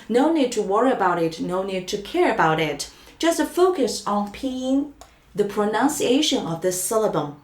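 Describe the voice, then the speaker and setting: Woman teaching pinyin, unhurried drill delivery, roomy echo. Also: mid-range voice. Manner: drawn-out syllable drills, many fillers. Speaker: Chinese language teacher. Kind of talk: slow pronunciation lesson.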